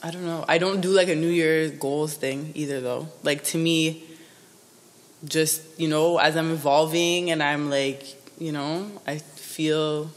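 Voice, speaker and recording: A woman's voice: deep voice, steady tone, measured pace, in a large hall. A woman guest in casual podcast chat who speaks hesitantly, filling her talk with "like" and "you know". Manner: hesitant, filler-heavy.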